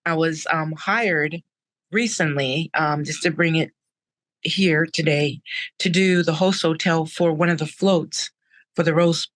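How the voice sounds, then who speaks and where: A woman's voice: low voice, unhurried, no echo. Emphatic woman guest telling her story. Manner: emphatic, repeats words for effect. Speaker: interview guest, balloon artist. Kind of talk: storytelling in an interview.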